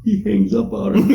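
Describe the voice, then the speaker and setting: A man's voice: high-pitched, creaky. A man in his forties telling a rambling, profane story in casual chat, laughing along as he goes. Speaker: podcast co-host. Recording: roomy with faint noise.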